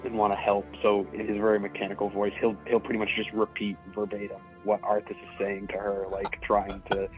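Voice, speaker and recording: A man's voice: fairly low pitch, monotone, brisk, few pauses, phone-quality sound, faint music behind. A man playing a tabletop game, explaining his character's actions in a rambling, repetitive way. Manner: rambling, repeats himself. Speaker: player. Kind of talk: casual chat.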